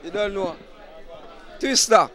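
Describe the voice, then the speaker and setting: Brief: high-voiced Jamaican promoter, loud patois shout-outs. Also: male voice, slow, a faint crowd. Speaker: party promoter interviewing guests. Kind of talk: shouting out guests at a party.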